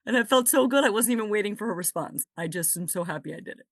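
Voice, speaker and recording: A woman's voice: expressive, fast talker, dry recording, studio quality. A woman on a group coaching call, sharing in a cheerful, eager way. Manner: cheerful, eager, bright rises in pitch. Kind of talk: casual sharing. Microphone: video call.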